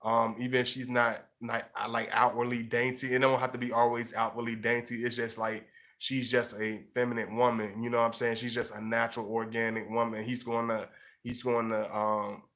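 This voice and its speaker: A man's voice: mid-range voice, level tone, a little fast, fairly bright tone. A man giving casual relationship advice to camera, rambling with lots of fillers and repeats. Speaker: relationship and astrology advice vlogger.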